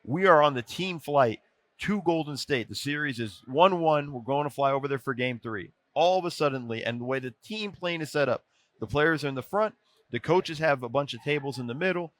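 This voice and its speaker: A man with a bright, forceful voice tells behind-the-scenes stories as a podcast guest. He is animated and often restarts his sentences. His voice sits a little higher than most men's and sounds close and dry. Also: no echo. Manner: animated storyteller with quick restarts. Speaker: podcast guest, former NBA video coordinator. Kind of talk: casual storytelling.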